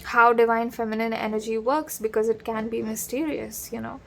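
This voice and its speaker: A woman's voice: fairly high pitch, level tone, normal speed, creaky, a little hiss or hum. A woman giving a casual spoken tarot reading, talking straight to the listener and drifting into digressions and asides. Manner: digressive, addresses the listener directly with frequent asides. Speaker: tarot reader.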